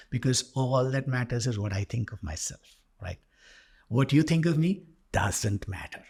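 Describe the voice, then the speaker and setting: A man's voice: mid-range voice, a little mellow. A male life coach and podcast host telling a story in a monologue, animatedly acting out both sides of a dialogue.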